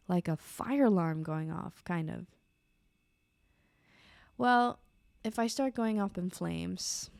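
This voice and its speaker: A woman's voice: mid-range voice, vocal fry, a little mellow, no echo. A woman hosting a podcast, giving casual self-help talk in a rambling, distracted way with frequent restarts, recorded in her apartment. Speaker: podcast host.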